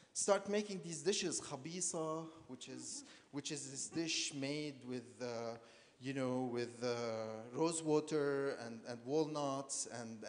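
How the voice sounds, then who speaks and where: A man's voice: fairly high pitch, slight background noise. A man from Lebanon giving a personal storytelling talk as an artist, hesitant, repeating words and using many fillers. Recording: long hall reverb.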